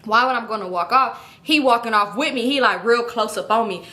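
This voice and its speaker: A woman telling a storytime vlog in a casual, animated, profane way, with chatty asides to her viewers. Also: on the high side, fast talker. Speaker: YouTube storyteller.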